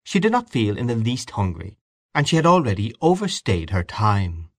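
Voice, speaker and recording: A man reading a literary story aloud in a measured, expressive way. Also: on the low side, no room sound, clean studio sound. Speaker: audiobook narrator. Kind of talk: scripted literary narration.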